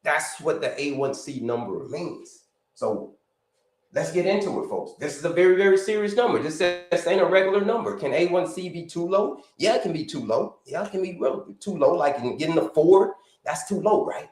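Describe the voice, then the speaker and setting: A man's voice: fairly high pitch, lively intonation, moderate pace, a little mellow, echoey room, rough recording. A man hosting a live health stream, talking casually, repeating himself, calling listeners "folks" and asking them to type in the chat. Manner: repetitive, addresses listeners as folks, asks them to put answers in the chat.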